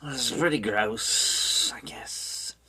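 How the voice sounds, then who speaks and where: A horror book reviewer giving a rambling, deadpan, casual recap of a book, with many asides. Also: medium pitch, drawn-out words, husky.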